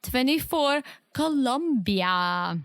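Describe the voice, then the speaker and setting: Woman, podcast co-host, bright-pitched voice, dry close mic, casual chatter. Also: animated, drawn-out words, clean tone, no echo. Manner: chatty, laughs, jumps in. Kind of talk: casual chat recapping a reality show.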